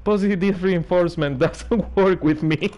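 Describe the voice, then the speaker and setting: A man's voice: sits high, normal speed, darkish tone. A man giving sarcastic, nervous commentary while playing a horror game, swearing and laughing when scared. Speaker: gaming streamer. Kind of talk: let's play commentary.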